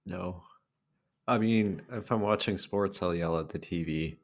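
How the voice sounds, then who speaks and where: A man's voice: low voice, unhurried. A man co-hosting a reaction video, easygoing and agreeable in casual chat. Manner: easygoing and agreeable, chuckles often.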